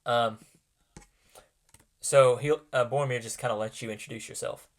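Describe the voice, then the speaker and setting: A man runs a tabletop role-playing game as its game master, describing scenes to his players. He narrates haltingly, with many ums and restarts along the way. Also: mid-range voice, steady tone.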